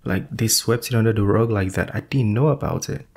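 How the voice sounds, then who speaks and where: A man reacts casually to a clip, musing with plenty of fillers. His voice is low and gravelly with a husky edge. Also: brisk. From Nigeria. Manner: relaxed, thoughtful, filler-heavy. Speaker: reaction channel host.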